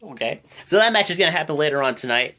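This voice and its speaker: Young male vlogger, slightly high voice, loose rambling recap delivery packed with slang. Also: animated, fast talker, pushed and bright, slight background noise. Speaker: wrestling show reaction vlogger. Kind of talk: casual reaction commentary.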